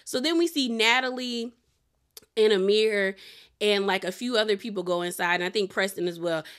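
A young woman casually recapping a reality show episode, chatty and animated, full of "like" and "girl". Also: medium pitch, moderate pace, clear, resonant tone.

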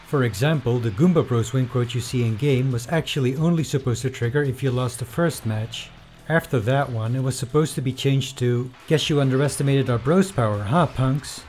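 A man's voice: medium pitch, a little fast, darkish tone, soft background music. A man narrating a casual video essay with wry, chatty commentary.

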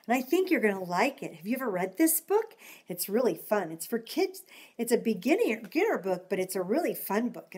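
A woman's voice: medium pitch, darkish tone. An older woman, a grandmother, introducing a story for children in a chatty, friendly read-aloud way from her rocking chair at home.

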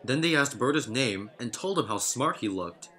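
A man narrating a children's railway story in an expressive reading voice. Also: medium pitch, moderate pace. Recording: narration over loud music.

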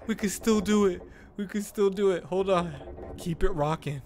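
A young man with a high voice streams a climbing game at a moderate pace, offering casual commentary. He's excitable, laughing and yelping as he plays.

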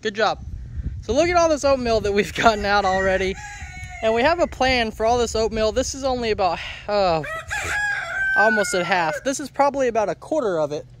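A man's voice: high voice, lively intonation, brisk, noisy background. A man hosting a casual farm vlog, upbeat and joking, who repeats words for emphasis. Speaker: homestead vlogger.

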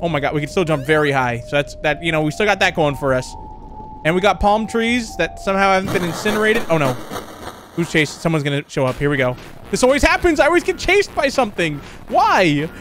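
A man's voice: a little high, animated, fast talker, noisy background. A young man giving casual let's play commentary on a horror game, jumpy and laughing, yelping when startled. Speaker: gaming YouTuber.

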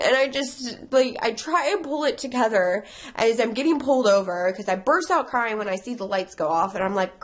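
A woman's voice: on the high side, moderate pace. Tearful, stressed young woman vlogger. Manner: rambling, emotional, stressed, laughing through tears. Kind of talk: casual confessional vlog.

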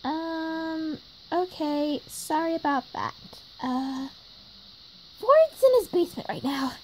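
A woman puts on a cheerful cartoon girl with a very high, squeaky voice and slow, dragging delivery. She hesitates constantly, filling gaps with ums and uhs, over a faint hiss of noise. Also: expressive, low-quality recording. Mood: sheepish. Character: cheerful young girl, sheepish here. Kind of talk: fan voice acting.

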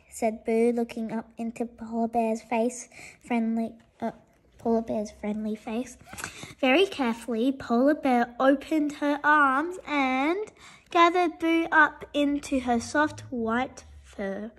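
A woman reading a bedtime story to children in a gentle, expressive way. Her voice is high and she takes her time over every line, stumbling now and then. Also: slow pace. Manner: gentle and expressive, with small slips. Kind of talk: bedtime story read-aloud.

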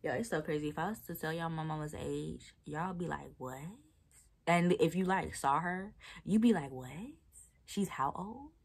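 A woman's voice: sits low, brisk, creaky, few pauses. A woman in her twenties with a Southern American accent, chatting casually to her viewers with playful asides and laughs. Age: 20s. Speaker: vlogger. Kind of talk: casual chat while taking down twists.

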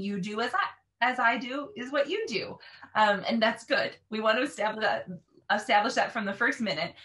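A woman's voice: medium pitch, fairly bright tone. Woman teacher explaining her method. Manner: earnest, emphatic, models repeated words. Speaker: language teacher.

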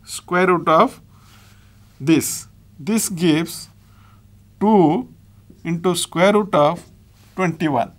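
A man's voice: high voice, drawn-out words, long pauses. A man with an Indian English accent, teaching a maths lesson step by step while writing on a board.

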